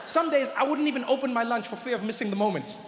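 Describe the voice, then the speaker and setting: A man doing stand-up, telling a story in an animated way and breaking into loud, high shouted character voices, on a stage mic in a large hall. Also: fast talker, background noise. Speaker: stand-up comedian. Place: large theater stage with audience.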